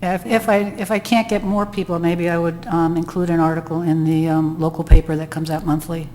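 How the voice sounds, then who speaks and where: Woman, low flat voice, hesitant committee report, echoey hall recording. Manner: halting, many ums, slow and hesitant. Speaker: trail adopter volunteer coordinator. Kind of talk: committee meeting discussion. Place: town meeting room. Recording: distant room mic, echoey hall, faint noise.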